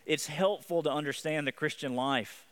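A man's voice: on the high side, normal speed, fairly bright tone, clear, resonant tone. A man preaching a sermon as pastor, earnest, often repeating and restarting his phrases.

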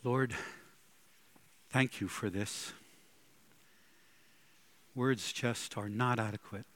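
Slow-speaking male preacher. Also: medium pitch, fairly even intonation. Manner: dramatic storytelling, swings between loud and hushed. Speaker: pastor. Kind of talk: sermon.

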